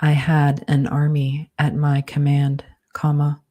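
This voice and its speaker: A woman author dictating a fantasy novel aloud, calling out each comma and period in a measured, deliberate way. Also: low-pitched, monotone, dark tone. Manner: speaks punctuation marks aloud, measured and deliberate.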